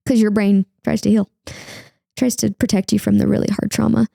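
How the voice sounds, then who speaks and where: Young woman guest, creaky mellow voice, candid and chatty, close dry podcast mic. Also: medium pitch, little pitch movement, a little fast, dry recording. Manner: candid, heavy use of "like", acts out her own past words. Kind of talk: emotional personal interview.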